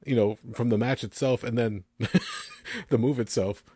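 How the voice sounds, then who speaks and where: A man co-hosting a podcast in casual chat, easygoing and quick to chuckle. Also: medium pitch, no room sound, clean studio sound. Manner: easygoing, chuckling listener with lively inflection. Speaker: podcast co-host.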